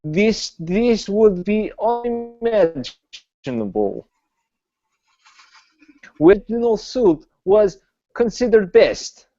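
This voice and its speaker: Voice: medium pitch, lively intonation, slow pace, long pauses, dark tone, highs cut off, voice pushed up. A player voicing a proud, condescending foreign male noble who speaks in broken English and drops his articles. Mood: grandly approving.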